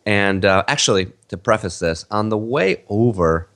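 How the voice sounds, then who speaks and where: A man's voice: fairly low pitch, lively intonation, moderate pace, a bit bright. A man in his thirties co-hosting a podcast, telling a story in a casual, rambling way with many fillers and restarts. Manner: rambling, with fillers and self-corrections. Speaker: podcast co-host.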